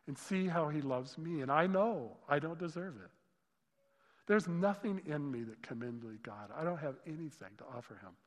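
A man preaching a sermon with a fairly high voice, expressive and exclaiming, dropping to near-hushed asides and then rising again. The sound carries a long reverb, as in a church sanctuary. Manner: expressive, exclaiming, swings between loud and hushed. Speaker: pastor.

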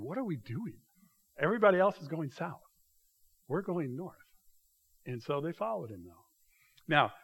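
Animated, higher-voiced male preacher. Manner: animated, emphatic storytelling with rising bursts of loudness; directs listeners to mark passages in their notes. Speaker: pastor. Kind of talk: sermon.

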